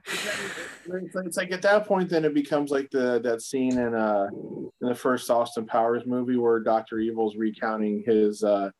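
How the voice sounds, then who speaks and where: A man with an average-pitched voice cracking jokes in a loose conversation. He riffs quickly on the other speakers. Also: steady tone, a little hiss or hum. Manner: wisecracking, full of movie references. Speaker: podcast co-host. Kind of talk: casual chat.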